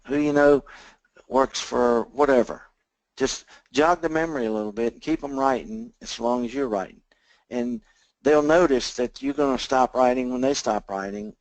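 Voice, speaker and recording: A man's voice: medium pitch, no room sound, low-quality recording. A man giving sales training, talking straight to his listeners and often checking in with "okay?". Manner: acts out both sides of sales conversations. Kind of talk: instructional training talk.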